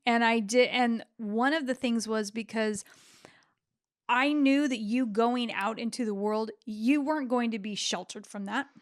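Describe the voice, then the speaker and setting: A woman's voice: fairly high pitch, unhurried. A middle-aged woman, a therapist hosting a podcast, telling stories in a reflective, casual way with frequent restarts.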